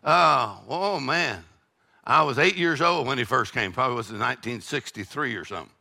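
Gravelly older preacher. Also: male voice, mid-range voice, lively intonation, moderate pace. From Texas. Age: 60s. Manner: preachy call-and-response with shouted peaks and laughing asides. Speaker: pastor. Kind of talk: sermon.

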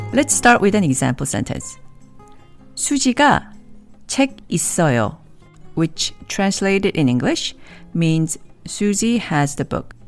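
Woman teaching with a lively, low voice. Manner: clear, measured, repeats example sentences slowly. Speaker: language teacher. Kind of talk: scripted lesson narration.

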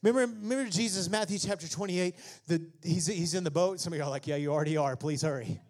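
A man delivers a sermon. He slips easily between chatty asides and loud, rising exhortation. He laughs at his own jokes along the way. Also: fairly high pitch, fast. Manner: swings from conversational asides to shouted preaching; jokey, laughs at own remarks. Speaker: pastor.

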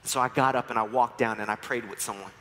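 Bright-voiced man preaching in a reverberant church. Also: mid-range voice, fairly even intonation, quick pace, a little hiss or hum. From New York. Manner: storytelling with playful humor. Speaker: church speaker. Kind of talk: sermon with personal testimony. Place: church sanctuary. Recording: long reverb of a church hall.

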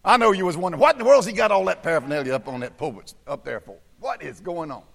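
A man preaching a sermon in church, swinging from hushed, low tones to shouted fervor. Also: animated, fast talker, vocal fry.

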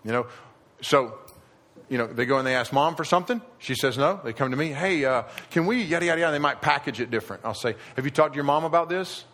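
A middle-aged man preaching a sermon to a live audience, animated and acting out quoted voices, growing emphatic. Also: medium pitch, fast. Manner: animated, rising to emphatic near shouting at the end. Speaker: pastor. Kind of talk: sermon on parenting.

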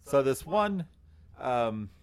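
A man co-hosting a podcast with a baritone voice, telling a long story in a relaxed, rambling way with lots of fillers. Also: very slow, clean tone. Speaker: podcast co-host. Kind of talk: casual chat.

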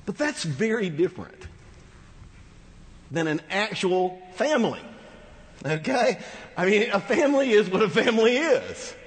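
A man's voice: sits high, very animated, unhurried, pauses often. A man preaching a sermon as pastor, talking conversationally with rhetorical asides to the congregation. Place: large church hall. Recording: reverberant church hall.

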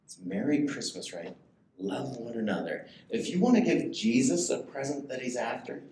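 Male pastor, conversational sermon, animated pitch, faint room ambience behind. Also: normal speed, echoey room, slight background noise, low-quality recording. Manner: conversational, asks the congregation questions. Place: church sanctuary.

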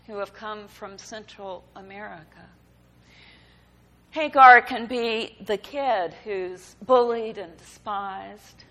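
A woman preaching a sermon, reading scripture and reflecting on it in a measured, emphatic way. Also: mid-range voice, fairly bright tone, poor audio. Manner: slow, deliberate preaching with emphatic rises.

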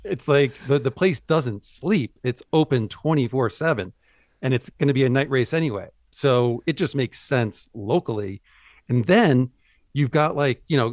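A man's voice: medium pitch, dry recording, studio quality. A man appearing as a journalist guest in casual chat, rambling with lots of "you know" and "like".

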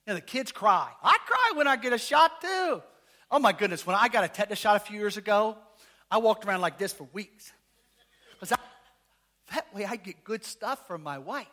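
Pastor, male, high and bright, bouncy delivery, jokes with the congregation mid-sermon. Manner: animated, joking, asks the congregation questions. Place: church.

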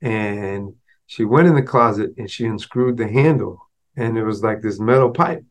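A man's voice: lowish voice, normal speed. A man hosting a podcast, telling a personal story in a motivational way. He speaks casually, with frequent asides like "right?" and "you know.". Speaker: podcast host.

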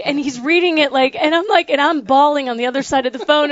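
A middle-aged woman co-hosting a casual chat, telling stories with lively acted-out dialogue. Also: high-pitched, quick pace, few pauses, highs cut off, a little hiss or hum. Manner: animated storyteller who acts out phone calls.

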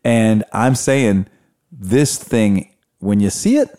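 Male host, lively storyteller, wide pitch swings, plays out the quotes. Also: slow pace. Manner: animated storyteller, acts out quotes, laughs often. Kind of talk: casual chat, storytelling.

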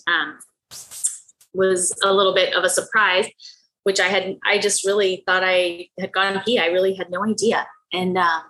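Woman guest on a podcast telling her story, bright voice, chatty and candid, laughs a lot. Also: moderate pace, low-quality recording. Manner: animated, acts out her own past dialogue with lively pitch jumps. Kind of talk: personal storytelling in an interview.

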